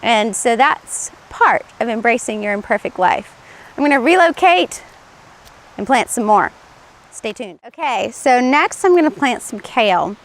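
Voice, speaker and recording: Middle-aged woman host, somewhat high voice, earnest and chatty delivery to camera. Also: animated, unhurried. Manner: conversational and earnest, with light laughs and restarts. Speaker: TV show host; former play therapist. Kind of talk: casual instructional talk to camera.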